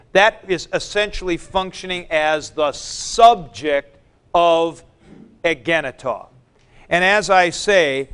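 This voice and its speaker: Male Greek teacher, slow and patient lecture, high clear voice. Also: a bit bright. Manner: explains patiently, repeats points, recites word forms. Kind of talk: classroom lecture.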